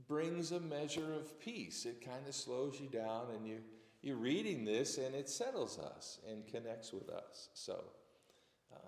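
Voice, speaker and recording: A man's voice: on the low side, gravelly, a little mellow. A man teaching a church Bible class in a conversational way, reading verses aloud with emphasis. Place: church auditorium. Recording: echoey church hall on a live stream.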